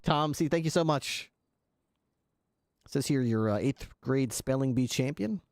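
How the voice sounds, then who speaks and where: A man's voice: medium pitch, unhurried, a little mellow. A man improvising an interviewer in a game role-play, dry and mock-formal in his questioning.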